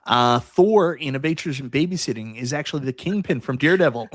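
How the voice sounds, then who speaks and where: A middle-aged man hosting a podcast, talking in an animated, excitable way as a fan, with casual swearing. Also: a little high, fairly quick, no echo, clean studio sound. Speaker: podcast host. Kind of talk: casual chat.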